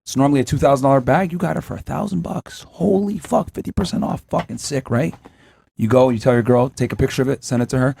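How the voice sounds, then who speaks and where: A man's voice: medium pitch, fast talker, vocal fry, husky. A man hosting a podcast panel, telling an acted-out scenario and swearing freely. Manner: animated storyteller, acts out scenarios, swears. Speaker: podcast host. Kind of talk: heated panel debate.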